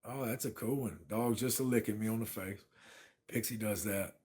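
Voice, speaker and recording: A man's voice: lowish voice, normal speed, darkish tone, husky. A man, chatting casually on a phone livestream from his apartment and thanking viewers by name. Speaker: livestream host.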